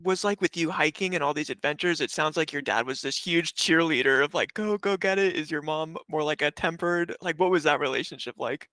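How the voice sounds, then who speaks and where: A man's voice: fairly high pitch, fairly quick, hardly any pauses, bright, forceful tone, dry recording. A man hosting a podcast who asks questions in an encouraging way and gives short affirmations. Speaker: podcast host. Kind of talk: interview questions.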